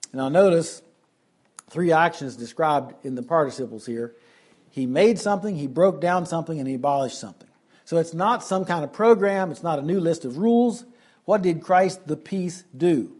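A man preaching an expository Bible lesson, slowing down to stress key phrases. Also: on the high side, a little mellow, slightly rough.

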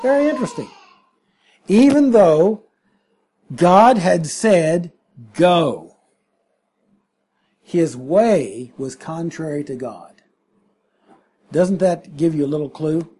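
A man's voice: a little high, lively intonation, takes it slowly, pauses often, mellow, slightly rough. A man preaching a sermon, emphatic and full of rhetorical questions.

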